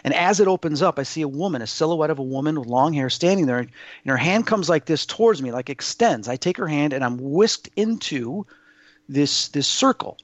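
A man telling a personal story as an interview guest, in an awed, halting way with many restarts. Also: on the high side, lively intonation, no room sound, highs cut off.

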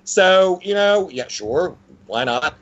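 A man telling a personal story as an interview guest, in a lively conversational way with frequent restarts. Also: takes it slowly, lo-fi sound. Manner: animated, with frequent pitch swings and restarts.

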